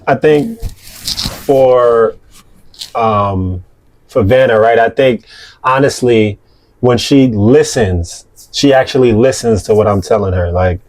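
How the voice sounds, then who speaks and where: A man's voice: medium pitch, darkish tone. Laid back young guy cohosting with his girl, lots of um and like. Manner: easygoing, halting, many fillers. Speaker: co-host, partner. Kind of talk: casual couple's chat.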